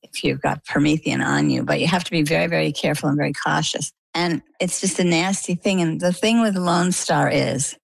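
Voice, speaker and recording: A middle-aged woman with a low, gravelly voice, telling her story as an interview guest. She is a lively storyteller who plays out the dialogue. The sound is close and dry. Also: brisk, few pauses, dry recording, rough recording. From Maine, US.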